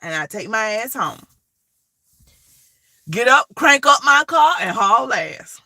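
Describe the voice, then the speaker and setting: A woman tells stories in a casual, blunt and profane manner. Her voice sits high and bright and swings widely in pitch. The sound is close and dry. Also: sing-song, slow, no echo. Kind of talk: casual storytelling.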